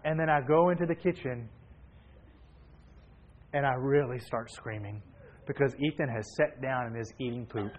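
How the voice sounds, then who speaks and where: A man preaching a sermon, telling a family story with animated energy and sudden bursts of shouting. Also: medium pitch, normal speed, pauses often. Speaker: pastor. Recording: dull lo-fi sound.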